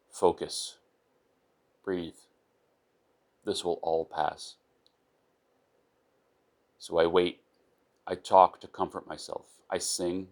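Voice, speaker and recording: A man reading his own short story aloud in the first person, with an unpolished delivery and small restarts. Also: low-pitched.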